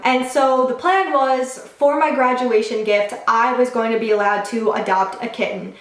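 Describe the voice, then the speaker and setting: A woman's voice: a little high, steady tone, normal speed, hardly any pauses, echoey room. A woman in her twenties telling a casual storytime vlog, chatty and full of "like". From Long Island, New York. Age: 20s. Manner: chatty, says "like" often. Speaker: vlogger.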